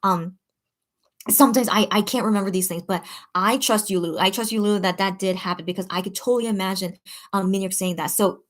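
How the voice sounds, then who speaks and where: A woman's voice: medium pitch, fairly even intonation, fast talker. A woman hosting a casual chat with her viewers, rambling and chatty, full of fillers and restarts. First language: English. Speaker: channel host reading live chat.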